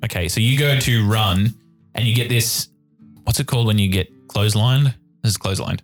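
A man's voice: on the low side, a little fast, faint music behind. A man narrating as game master of a tabletop game, in loose, chatty narration.

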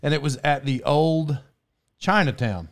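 A man's voice: on the high side, animated, unhurried, creaky. A man hosting a podcast from a studio, telling a story in a casual, rambling way, cutting himself off and laughing often. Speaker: podcast host.

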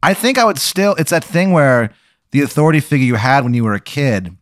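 A man in his thirties answering a hypothetical in casual, halting talk, often repeating words. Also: medium pitch, lively intonation, no echo, studio quality. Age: 30s. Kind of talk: casual improvised chat.

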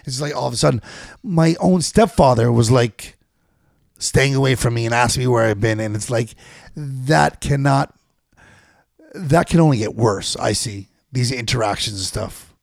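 A man co-hosting a podcast, talking casually in a hesitant, halting way. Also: medium pitch, creaky, dry recording, clean studio sound. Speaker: podcast co-host. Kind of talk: casual chat.

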